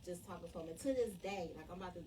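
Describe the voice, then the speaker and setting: A woman's voice: fairly low pitch, very fast, mellow. A middle-aged woman in casual chat, laughing and getting emotional while telling a story about her husband. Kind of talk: casual chat on a live stream. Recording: distant mic with faint background noise.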